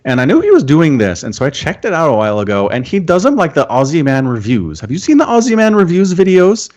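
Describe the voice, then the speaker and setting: A man from Utah, a guest on a casual live-stream chat, explaining things in a relaxed, storytelling way. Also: on the high side, fast talker, lo-fi sound. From Utah, USA. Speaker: podcast guest.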